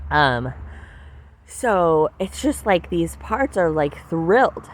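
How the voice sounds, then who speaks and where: Chatty woman podcaster, candid and animated. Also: low voice, takes it slowly, pauses often, a little hiss or hum. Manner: candid, chatty, heavy use of "like". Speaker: podcast host. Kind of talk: casual reflective monologue.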